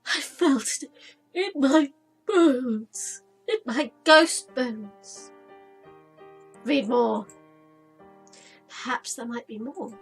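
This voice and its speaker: A woman's voice: fairly high pitch, rough recording. A woman playing through a visual novel, reading the narration and journal entries aloud dramatically and breaking off for casual chat. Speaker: let's play gamer.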